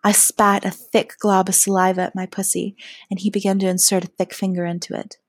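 A woman narrating a first-person adult audio story in a soft, often half-whispered delivery. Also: mid-range voice, level tone, a little fast, no room sound, studio quality.

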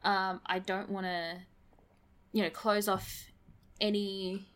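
A woman's voice: medium pitch, little pitch movement, fairly bright tone. Giggly Australian woman voice actor. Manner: easygoing, giggly, quick jokes. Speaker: voice actor, audio creator guest. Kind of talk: casual interview chat.

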